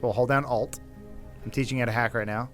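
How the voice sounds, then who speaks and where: Man, co-host, dry laid-back humor, mid pitch, faint music bed. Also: steady tone, fast talker. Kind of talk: casual chat.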